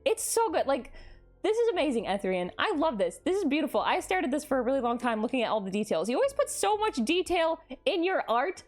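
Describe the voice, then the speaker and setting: A young woman live-streaming in casual chat, gushing and excitable, laughing often as she reacts to fan art. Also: sits high, a little fast, soft background music.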